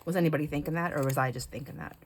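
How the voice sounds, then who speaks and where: A woman's voice: low voice, very fast, slight background noise. A middle-aged woman hosting a craft video, chatting casually and telling a story as she works, laughing often and breaking off mid-sentence. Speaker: craft channel host. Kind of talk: casual chat while crafting.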